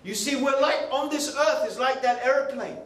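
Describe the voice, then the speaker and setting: High-voiced male preacher, animated and chatty; echoey hall. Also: normal speed. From United Kingdom. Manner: animated, conversational, frequent asides. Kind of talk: lively youth sermon. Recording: echoey hall, faint ambient noise.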